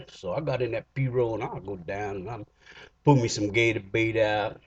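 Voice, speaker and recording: A man's voice: fairly low pitch, measured pace, slightly rough, dry recording. A man with a Cajun accent telling a comic folk story, folksy and drawling, in a dull lo-fi recording. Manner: folksy, drawling, chuckling asides.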